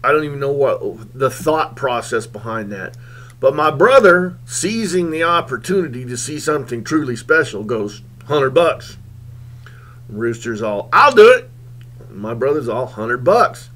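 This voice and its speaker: A male radio host telling a comic story in a rambling, animated way, with lots of fillers. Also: mid-range voice, normal speed.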